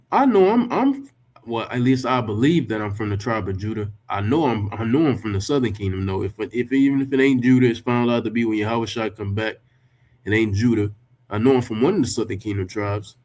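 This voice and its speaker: A man's voice: on the low side, steady tone, fairly quick, a little mellow. A man rebutting a text he reads aloud, talking emphatically, swearing freely and firing off rhetorical questions. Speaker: religious commentator. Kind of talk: reacting to and rebutting a written text.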